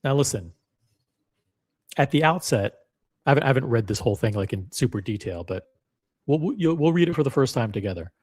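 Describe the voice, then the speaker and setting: A man's voice: medium pitch, animated, a little fast, pauses often, darkish tone, breathy edge. Blunt, profane man hosting a live stream. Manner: blunt and profane, repeats himself, talks straight to chat. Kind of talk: casual live stream commentary, reading a forum post aloud.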